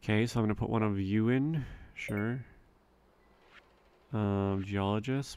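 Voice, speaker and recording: A young man giving relaxed, rambling gameplay commentary, thinking aloud with frequent fillers. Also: on the low side, unhurried, clear, resonant tone. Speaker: let's play gamer.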